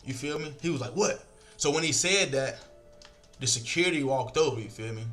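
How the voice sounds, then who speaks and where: A man's voice: medium pitch, brisk, soft background music. A man casually telling a story to his viewers, acting out the lines of the people in it and swearing freely. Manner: animated, acts out quoted lines, swears freely.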